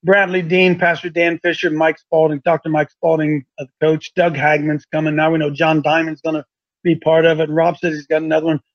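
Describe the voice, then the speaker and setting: Excitable folksy man from Ohio. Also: on the high side, fairly quick. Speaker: host. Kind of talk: casual broadcast announcements. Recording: dull lo-fi sound.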